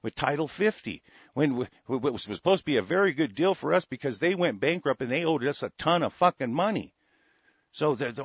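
Reading out the news before erupting into furious, sarcastic tirades packed with profanity, this middle-aged man delivers ranting commentary in an expressive, mid-pitched voice with a breathy edge. He speaks fairly quickly. The audio is dry and dull.

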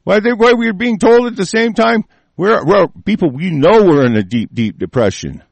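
Gravelly high-voiced man ranting angrily. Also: lively intonation, normal speed, no echo. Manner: furious, heavily profane ranting. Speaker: political commentator. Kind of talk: angry solo rant reacting to news.

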